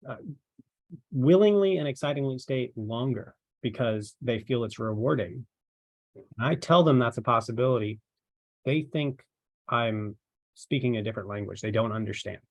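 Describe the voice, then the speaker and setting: A man's voice: on the low side, no room sound. A man as a trainer, giving an informal, rambling talk to his team and tossing in rhetorical questions. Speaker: ministry marketing trainer.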